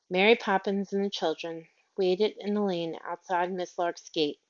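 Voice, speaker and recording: A woman narrating a children's story aloud in a gentle, measured reading. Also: fairly low pitch, fairly even intonation. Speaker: audiobook reader. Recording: dull lo-fi audio.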